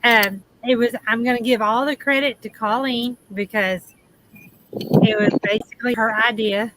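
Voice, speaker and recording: A woman's voice: fairly high pitch, steady tone, normal speed, a bit bright, a little hiss or hum, poor audio. A woman with a Southern accent hosting a casual livestream chat from outdoors, chatty and laughing, trailing off with ums. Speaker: livestream host. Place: outdoors in the shade under an awning.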